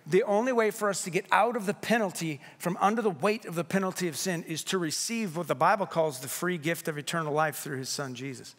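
A middle-aged male pastor delivers a sermon in a church sanctuary, his voice sitting a little high for a man. He preaches conversationally, animated and playful, and his words ring out with a long church reverb. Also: a little fast, few pauses. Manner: conversational and animated, with playful asides and acted-out quotes. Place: church sanctuary at a candlelight service.

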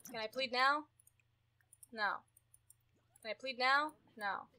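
A woman giving casual gameplay commentary, exasperated and often yelling at her characters. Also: sits high, takes it slowly. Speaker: gameplay streamer.

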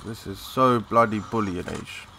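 A young man giving live, excitable commentary over a shooter game, swearing and chatting in slang. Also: on the low side, a little slow, background noise. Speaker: gaming commentator.

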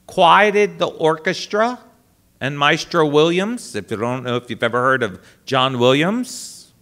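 A man, a priest and guest speaker, telling personal anecdotes to an audience in an animated way. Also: on the high side. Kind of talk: storytelling talk to an audience.

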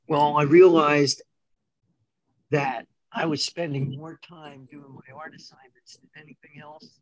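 A man's voice: a little high, measured pace, poor audio. An older man, a guest on a video call, telling his life story casually and acting out the dialogue with stammered repeats. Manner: animated, acts out quoted dialogue with stammered repeats.

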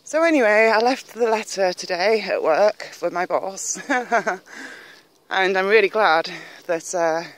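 A woman from northern England chats to her handheld camera as she walks outdoors. She rambles from thought to thought and laughs often. Her voice sits at an ordinary middle pitch. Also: expressive, unhurried. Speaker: vlogger. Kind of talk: casual walking vlog. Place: outdoors on a countryside walk. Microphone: handheld camera filming herself.

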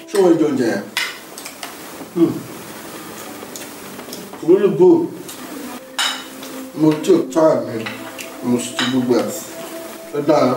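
A man's voice: mid-range voice, close to an everyday voice. A man with a Yoruba Nigerian accent acting a remorseful husband who begs his wife's forgiveness, switching between Yoruba and English. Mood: coaxing. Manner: pleading, apologetic, mixing Yoruba and English. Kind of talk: Nollywood film acting. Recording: echoey room, distant mic, background noise.

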